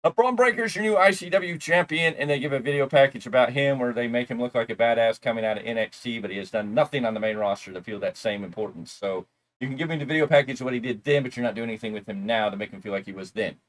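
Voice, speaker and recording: A man's voice: medium pitch, fast talker, fairly bright tone. Casual man recapping wrestling. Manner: rambling, loose asides and mocking imitations. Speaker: wrestling show reviewer, co-host.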